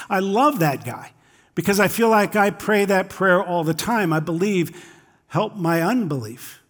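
A man with a fairly high voice preaches to his congregation in a relaxed, conversational way. He walks through scripture and slips into the voices of the people in his stories. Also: unhurried. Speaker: pastor. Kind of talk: sermon.

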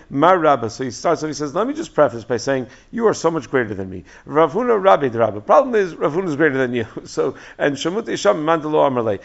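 Man, Talmud lecture, gravelly voice, animated storytelling, muffled lo-fi recording. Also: medium pitch. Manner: animated storytelling, acting out dialogue, frequent fillers. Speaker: Talmud teacher. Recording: dull lo-fi recording.

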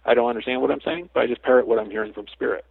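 Man, interview guest, gravelly husky voice, chatty storyteller, phone-line sound. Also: mid-range voice, racing, no echo. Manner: chatty storyteller, slips into lively quoted asides. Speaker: guest psychic medium. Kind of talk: casual interview chat. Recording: tinny phone line, dry.

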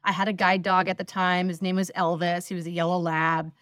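A woman's voice: lowish voice, little pitch movement, a little fast, fairly bright tone, dry recording, studio quality. A woman in her forties from the northeastern United States, a podcast guest telling chatty, self-deprecating stories with many fillers. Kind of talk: casual interview storytelling.

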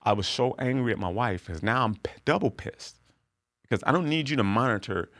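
A middle-aged man, a comedian, telling a profane story with loud bursts of laughter on a podcast. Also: mid-range voice, lively intonation, fairly quick, no echo. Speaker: comedian guest.

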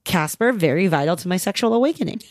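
A woman's voice: lowish voice, lively intonation, fast, a little mellow, no echo, clean studio sound. A woman co-hosting a casual entertainment chat, enthusiastic and gushing, with casual swearing. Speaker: podcast co-host.

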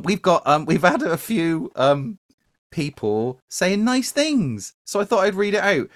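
A man's voice: medium pitch, fairly bright tone, no echo. Man, podcast co-host, casual rambling chat, dry close mic. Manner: chatty, rambling, reads listener messages aloud.

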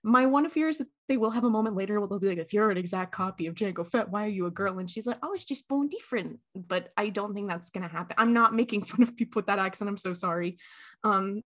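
A woman's voice: mid-range voice, fast. Chatty woman podcast co-host. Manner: chatty, thinks aloud with many fillers. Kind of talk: casual fan chat.

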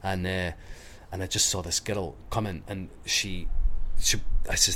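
A man with a Scottish accent, a hairstylist guest on a podcast, telling backstage stories in a casual, animated way, with plenty of swearing and fillers. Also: sits low, moderate pace, slight background noise. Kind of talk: casual storytelling.

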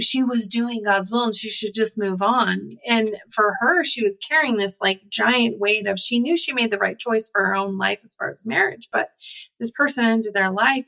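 Chatty woman on a faith podcast, kinda gravelly voice, lots of likes and you knows. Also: medium pitch, a bit bright, rough recording. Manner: chatty storyteller with many fillers. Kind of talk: casual conversation.

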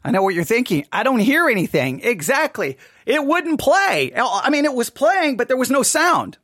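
Man, podcast host, animated, self-mocking, lively pitch, dry close mic. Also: moderate pace, dry recording. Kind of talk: casual monologue. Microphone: studio mic.

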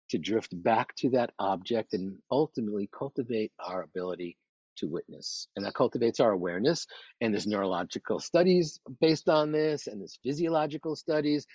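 A male meditation teacher with a slightly husky, breathy voice speaks calmly and without hurry. He guides listeners through slow breaths in a dry, dead-sounding room. The podcast audio is a bit dull and lo-fi. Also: mid-range voice, no echo.

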